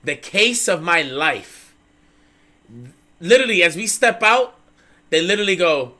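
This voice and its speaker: A male streamer hosting a casual chat, telling a story in a profane, animated way. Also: high voice, measured pace, long pauses. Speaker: streamer host.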